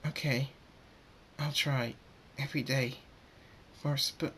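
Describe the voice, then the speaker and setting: A man voicing a young female pony who is grieving, speaking softly with halting, stammered words. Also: deep voice, fairly even intonation, a little hiss or hum, voice pushed up. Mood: tearful.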